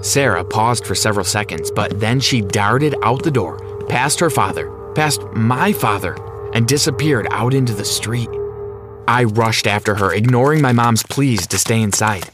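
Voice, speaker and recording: A man narrating a scripted first-person story in a steady, even reading. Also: fairly low pitch, normal speed, music in the background.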